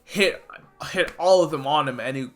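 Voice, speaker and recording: Bright-voiced man narrating a rambling story. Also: a little high, moderate pace. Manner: rambling, full of fillers. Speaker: fan storyteller.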